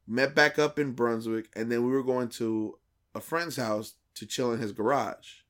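Male podcast co-host at mid pitch, casual and animated, voices each character in his stories with plenty of slang. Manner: animated, acts out quoted dialogue; profane, slangy street talk.

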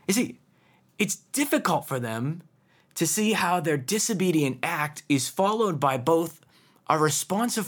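A man's voice: on the high side, vocal fry. A man preaching a sermon, earnest and emphatic, with pointed rhetorical questions.

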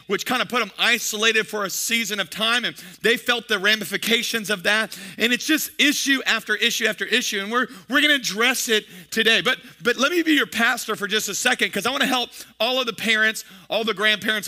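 A man's voice: high voice, bright, forceful tone. A man in his thirties, a pastor preaching a playful, joking sermon to his congregation, with many repeated words and asides. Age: 30s.

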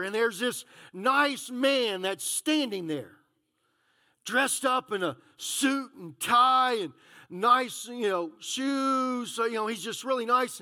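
A man pastor preaching a sermon, telling a story and acting out the dialogue with animated delivery. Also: very high voice.

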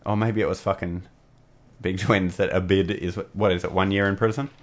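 A man's voice: sits low, fairly even intonation, brisk. A man co-hosting a podcast, chatting in a rambling, profane, laid-back way. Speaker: podcast co-host. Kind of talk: casual chat.

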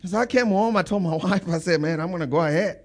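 A pastor preaching a sermon, telling stories and building to emphatic bursts. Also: male voice, sits high, fast talker.

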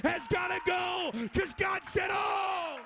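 High gravelly shouting preacher man. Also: fairly even intonation, slow pace, music in the background, crowd noise. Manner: fervent, chanting, frequent "uh" and "amen". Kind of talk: shouted sermon.

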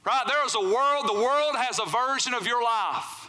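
A man's voice: extremely high pitch, normal speed, pushed and bright. A male pastor preaching a sermon in church, talking conversationally and often asking the congregation "right?". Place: church sanctuary.

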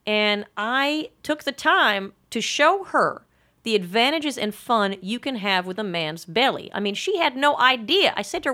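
A woman's voice: on the high side, animated, normal speed, sharp tone. A woman delivering a rambling comic monologue in a mock-earnest, frank and crude way.

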